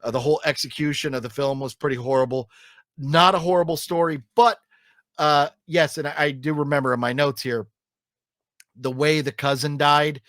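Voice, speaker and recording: A man reviewing films in a loose, casual podcast chat, his voice pitched a little higher than usual for a man. He rambles through fillers and restarts and gripes with emphatic exasperation. The sound is close and dry, with no room in it. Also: fairly even intonation, normal speed, a bit bright, no echo.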